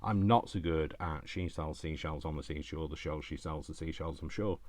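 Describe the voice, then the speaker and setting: A man who talks fast and loud, chatting to himself by name while making crafts. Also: extremely low pitch, dry recording. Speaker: crafting channel host. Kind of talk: casual chat while crafting.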